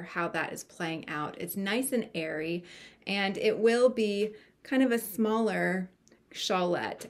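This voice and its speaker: A woman with a Southern US accent chatting to camera as host of a crochet podcast, folksy and full of fillers. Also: medium pitch. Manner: chatty, folksy, warm thanks with many fillers. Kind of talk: casual chat to camera.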